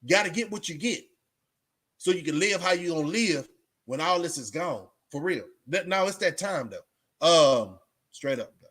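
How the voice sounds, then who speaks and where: A man from Texas with a fairly high-pitched voice talks straight to his viewers on a livestream. He rambles in a loose, unscripted way, leaning on streetwise slang, fillers and restarts. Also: expressive, moderate pace, fairly bright tone, slightly rough. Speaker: livestream host. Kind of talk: casual rambling monologue to viewers.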